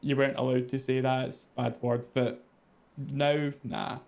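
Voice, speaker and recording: A man with a Scottish accent talks in a loose, easygoing way, sentences trailing off as he laughs. His voice sits at an ordinary middle pitch, nothing strained about it. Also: little pitch movement, normal speed, a little mellow. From Scotland. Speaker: podcast co-host. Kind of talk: casual chat.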